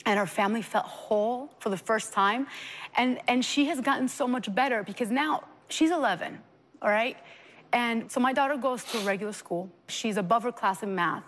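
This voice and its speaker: A woman guest on an interview show, a mother telling her story in an earnest, animated way and acting out the dialogue. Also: a little high, normal speed, long reverb tail, a little hiss or hum. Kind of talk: emotional personal storytelling.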